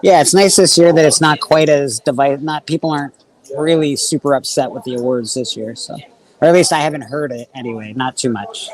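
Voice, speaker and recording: A man's voice: on the high side, fairly quick, rough recording. A man hosting a casual livestream, chatting loosely and reading out questions from the chat. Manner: laid-back, chatty, reads out chat questions. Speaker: host.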